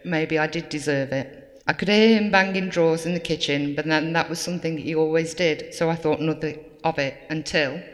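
Woman, steady personal testimony, long hall echo; talk to a crowd. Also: low-pitched. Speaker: survivor giving a talk. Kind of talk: personal testimony read to an audience.

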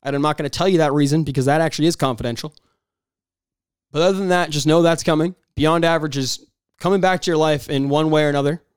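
A man's voice: fairly high pitch, quick pace, smooth, no echo, studio quality. A man hosting a podcast, talking in a blunt, profane casual monologue. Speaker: podcast host.

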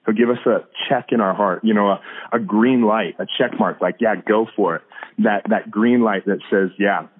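A man's voice: on the low side, fairly even intonation, normal speed, husky. A man talking earnestly as a podcast guest about hearing God, with frequent restarts and fillers. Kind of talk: casual faith talk. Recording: tinny phone-like line.

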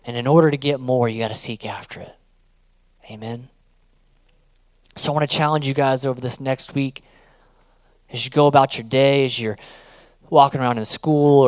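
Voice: mid-range voice, no echo. A youth pastor giving a casual sermon, urging listeners on in rhythmic, repeated phrases.

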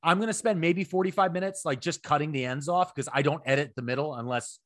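A middle-aged man co-hosting a podcast, telling profane stories in a casual chat that climbs to near-shouts. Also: on the high side, fast. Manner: animated, profane storytelling, rising to near-shouts. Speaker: podcast co-host.

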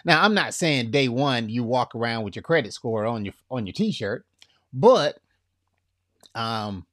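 A man gives a relaxed, conversational sermon, taking his time over each point. He keeps checking in with the congregation as he goes, and the recording is close and dry. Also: mid-range voice, a little slow, no room sound. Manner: casual, checks in with "right?", acts out quotes. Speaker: preacher teaching on relationships.

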